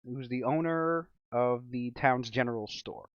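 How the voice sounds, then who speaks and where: Slow, halting male game master. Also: medium pitch, lo-fi sound, a crowd in the background. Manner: halting, with many fillers. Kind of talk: narrating a tabletop game.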